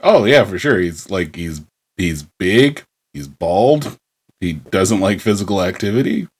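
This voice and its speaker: A man's voice: low voice, lively intonation, husky. A man co-hosting a pop culture podcast, chatting in a wry, meandering way. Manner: wry, drawn-out, trailing off. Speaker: podcast co-host. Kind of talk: casual chat.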